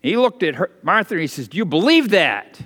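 A man with a high voice preaches a sermon in an animated, storytelling way, wandering into asides. His voice rings with the long reverb of a church hall. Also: fairly quick, husky. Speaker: pastor.

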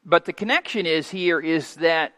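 A man in his fifties preaching a sermon as pastor, folksy and homespun, moving from quiet asides to loud, emphatic preaching. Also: fairly high pitch, normal speed. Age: 50s. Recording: long hall reverb.

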